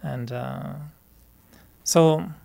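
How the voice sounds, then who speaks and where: A man with a French Canadian accent, a native French speaker, teaching meditation in a relaxed, chatty way, laughing often and restarting sentences. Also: medium pitch, drawn-out words, creaky. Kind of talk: relaxed spoken talk to a group.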